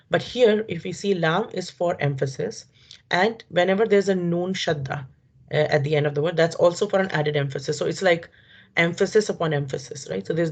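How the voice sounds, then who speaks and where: Patient scripture teacher at a middling pitch who unpacks each term with frequent fillers; slightly dull recording. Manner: explains slowly, repeats terms, many fillers and checks with "right?". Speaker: Quran teacher. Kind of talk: word-by-word scripture lesson.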